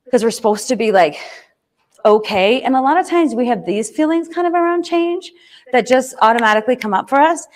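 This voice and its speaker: Woman keynote speaker, high voice, lively storyteller full of asides and quick "right?" check-ins. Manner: animated storytelling, laughs often, acts out her own past lines; frequent tag "right?" and "like" fillers. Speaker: professional speaker. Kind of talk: keynote talk with personal story.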